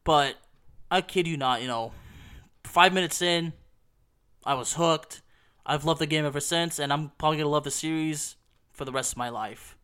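Hoarse man rambling about games. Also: a little high, moderate pace, pauses often, pushed and bright. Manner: rambling, with many "you know" fillers. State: hoarse and coughing while recovering. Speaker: podcast host. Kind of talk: casual solo talk about video games.

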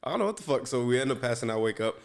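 A man's voice: medium pitch, expressive, racing. A man telling a story in loose, teasing chat with friends. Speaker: friend in conversation.

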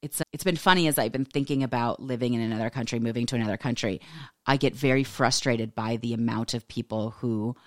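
A low-pitched woman in her forties talks through a personal story in a relaxed, lively monologue. She laughs often and says every line to a close mic in a dry room with no echo. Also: fairly quick. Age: 40s. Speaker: podcast host.

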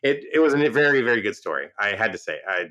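A man casually reviewing a movie, retelling the plot with lively acted-out quotes and frequent restarts. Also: lowish voice, quick pace, muffled recording. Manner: animated retelling, acts out quoted lines. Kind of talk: casual film review chat.

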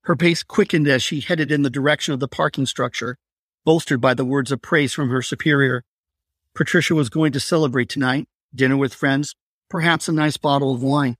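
Man narrating a dark crime story. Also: medium pitch, fairly even intonation, a little fast, dry recording, studio quality.

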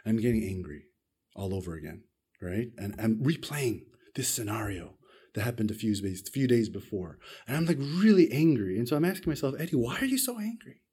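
A man preaching a sermon, telling a personal story with big swings in pitch and loudness, self-deprecating and asking the congregation questions. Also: animated, moderate pace, breathy edge. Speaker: pastor.

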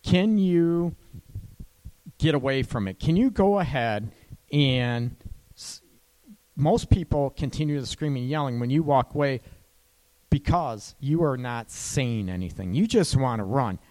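Chatty man giving relationship advice. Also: a little slow. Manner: conversational, repeats points, asks "right?" often; drops low and soft when acting out calm lines. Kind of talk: casual advice monologue to camera.

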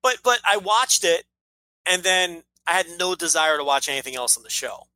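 A man's voice: sits high, expressive, moderate pace, bright, forceful tone, dry recording, rough recording. A man co-hosting a casual podcast, opinionated and ranting, swearing freely as he makes his case. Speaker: podcast co-host.

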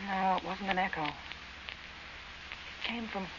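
Woman doing a scared young gal at a night camp, hushed and shaky, old radio play sound, muffled with lots of hiss. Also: mid-range voice, a little slow, natural voice. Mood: uneasy, hushed. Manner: hushed, uneasy and tentative. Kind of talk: 1940s radio acting. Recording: dull, noisy old radio recording.

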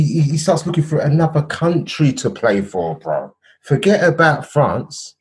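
Animated man telling a story. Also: on the high side, measured pace. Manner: animated storytelling, checks in with "yeah?" and "bro". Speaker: podcast co-host. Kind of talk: casual chat.

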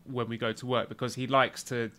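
A man co-hosts a podcast in an easygoing, conversational way. He tells relaxed, affectionate stories about home life in an ordinary mid-range voice. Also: mid-range voice, brisk, clean tone. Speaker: podcast co-host. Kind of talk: casual chat.

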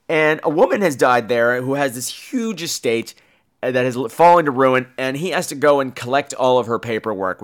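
A man hosting a podcast, casually reviewing a horror film, animated and jokey with casual swearing. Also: on the high side. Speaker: podcast host.

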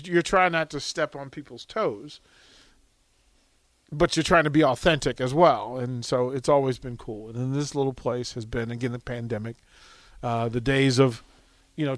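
Laughing often, a middle-aged man rambles through casual stories while hosting a radio show from the studio. His voice is mid-range, and the studio microphone yields a dry recording.

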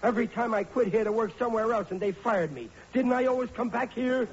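A man's voice: very high-pitched, fast talker, husky. An actor playing a blundering, blustering working-class family man with a Brooklyn accent in a 1940s radio sitcom. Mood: reluctant. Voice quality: ungrammatical, fretful bluster. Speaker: sitcom lead. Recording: muffled old radio broadcast with hiss.

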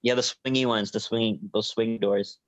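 A young man telling a story in a casual chat with friends, animated and swearing, acting out what people said. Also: lowish voice, moderate pace, no room sound. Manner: animated, swearing, acts out quotes. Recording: dull, dry lo-fi sound.

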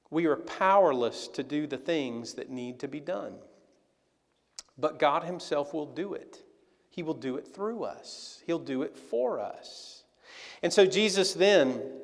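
A man preaching a sermon in a conversational, animated way. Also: on the high side, long reverb tail. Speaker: pastor.

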